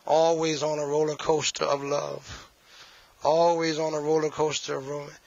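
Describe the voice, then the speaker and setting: A man's voice: on the high side, little pitch movement, moderate pace, vocal fry, a little mellow, dry recording, highs cut off. A man preaching a sermon, emphatic and repetitive, with folksy asides.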